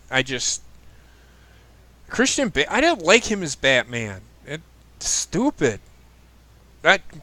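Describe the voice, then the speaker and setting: A man's voice: medium pitch, sharp tone, poor audio. A man hosting a casual chat show, giving blunt opinions and swearing freely. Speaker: podcast host.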